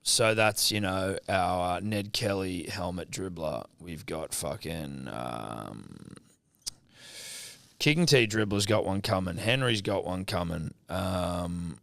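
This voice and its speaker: A man's voice: deep voice, expressive, slow, vocal fry, fairly bright tone, dry recording. A man, co-hosting a casual sports podcast and telling stories with plenty of swearing. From Australia. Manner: swears freely, tells stories with put-on quotes. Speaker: podcast co-host.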